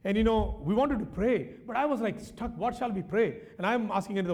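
A man with a very high voice preaches a sermon in a church. He keeps throwing rhetorical questions to the listeners, then eases into soft, intimate storytelling. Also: fairly quick, hardly any pauses. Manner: animated, asks the congregation rhetorical questions. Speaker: pastor.

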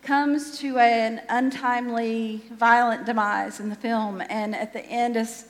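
A woman's voice: a little high, steady tone, unhurried. Lady pastor chatting thru her sermon, self-deprecating, trips over her words a bit, echoey church. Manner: conversational and self-deprecating, with frequent restarts.

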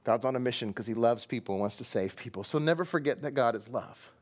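A man's voice: mid-range voice, fast. A middle-aged man from Texas with a Texan accent, preaching a sermon as pastor and acting out the story as he tells it. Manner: animated storyteller, acting out voices and sound effects.

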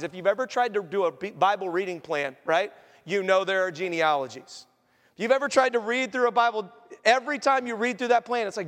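A man preaching a sermon as pastor, animated and acting out quoted voices as he teaches. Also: high voice. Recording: echoey hall reverb.

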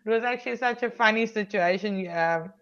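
A woman's voice: mid-range voice, brisk, a bit bright. Chatty South African woman, lo-fi sound. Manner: frank, chatty, frequent ums and restarts. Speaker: police officer. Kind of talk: casual interview storytelling. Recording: slightly dull lo-fi recording.

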